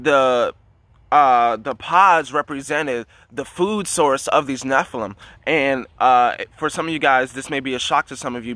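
A man's voice: medium pitch, sharp tone, no room sound. A man telling a long story in a casual, rambling way, with many fillers and restarts. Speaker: dream teller.

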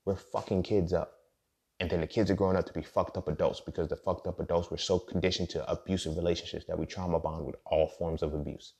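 A man with a low, gravelly voice holds forth on his own podcast. He talks bluntly and profanely, circling back and stumbling over repeated words as he rambles. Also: level tone, fast talker, a little mellow. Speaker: podcast host. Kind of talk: casual monologue.

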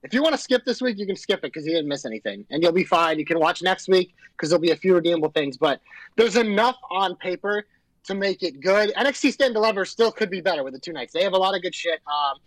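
A man's voice: high voice, expressive, fast, no room sound, poor audio. A man co-hosting a casual wrestling podcast, ranting in an angry, profane, fired-up way. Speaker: podcast co-host.

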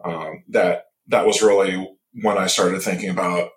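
A man in his fifties from Michigan, a guest on an interview podcast, telling stories in a relaxed, rambling way with many pauses and restarts. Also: deep voice. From Michigan, USA. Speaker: guest, tropical medicine specialist. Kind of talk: casual interview chat. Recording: roomy echo.

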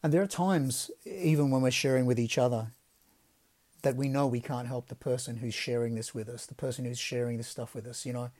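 A man hosting a devotional podcast, speaking in a gentle, reflective way that often drops to soft, quiet phrasing. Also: mid-range voice, steady tone, a little fast. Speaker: podcast host.

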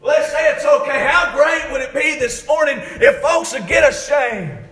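A man preaches a fiery sermon, his voice pitched very high as he shouts and then sinks to a low, soft tone. The sound rings through a very echoey church hall. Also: normal speed. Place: church sanctuary.

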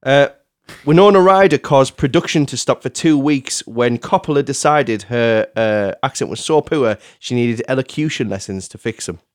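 A man's voice: medium pitch, normal speed, hardly any pauses, no room sound, studio quality. A man hosting a podcast, reading out film trivia in casual chat and laughing often. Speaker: podcast host.

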